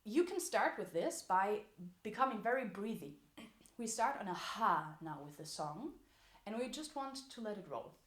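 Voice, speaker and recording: A woman's voice: mid-range voice, big pitch swings, moderate pace. A woman teaching a singing lesson as a vocal coach, explaining technique in an encouraging way. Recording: echoey room.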